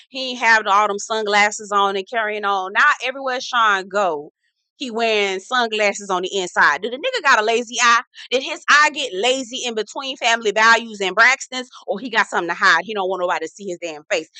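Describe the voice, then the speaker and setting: Sassy bright-voiced woman recapping TV. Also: mid-range voice, dry recording. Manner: sassy, profane, animated asides. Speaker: reality TV recap host. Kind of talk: casual recap commentary.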